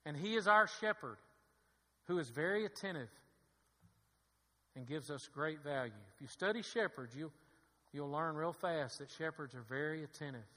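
A man's voice: a little high, animated, normal speed, long pauses, pushed and bright. A man preaching a sermon in a church, building to fervent peaks and asking the congregation for an amen. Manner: preaching with rising fervor and call-and-response asides. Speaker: pastor. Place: church sanctuary. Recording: long hall reverb.

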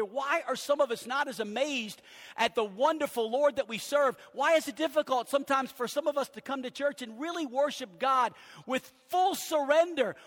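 A man preaching a sermon as pastor, earnest, dropping to hushed low phrases and rising for emphasis. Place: church sanctuary. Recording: long church hall reverb.

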